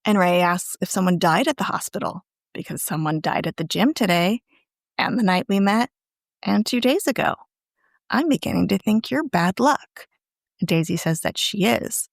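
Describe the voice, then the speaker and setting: A woman co-hosting a podcast casually recaps an episode's plot, acting out the characters' lines in an animated way. Her mid-range voice is gravelly and moves at a moderate pace. The studio-quality recording has no room sound.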